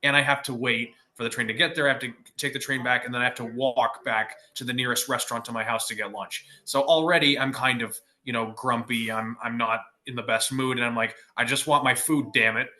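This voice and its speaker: A young man from California speaks on a podcast as a guest, with a bright, forceful tone. He is blunt and profane, and he stammers and restarts as he goes. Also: medium pitch, fairly even intonation, brisk, few pauses. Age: young adult. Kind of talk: casual chat.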